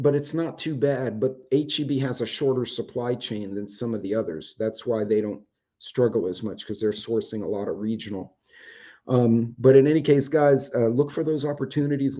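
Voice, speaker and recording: A man's voice: mid-range voice, mellow, highs cut off. A man, hosting a casual chat show from home, rambling and swearing offhandedly, his voice starting to go. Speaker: host. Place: home, indoors with dogs.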